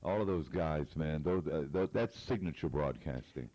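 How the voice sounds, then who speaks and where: A man with a very low, rich radio voice, chatting warmly as a guest and laughing easily. The sound is dull and lo-fi. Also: animated, normal speed. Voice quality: deep golden radio voice. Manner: warm, effusive, laughs easily. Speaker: guest broadcaster. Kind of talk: casual interview chat.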